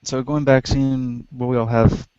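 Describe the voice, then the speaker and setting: A man's voice: medium pitch, level tone, unhurried, mellow, smooth, no room sound. A man in a casual Bible study on a video call, talking in a plain, matter-of-fact way about grammar. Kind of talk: casual discussion. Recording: dry, muffled video call audio.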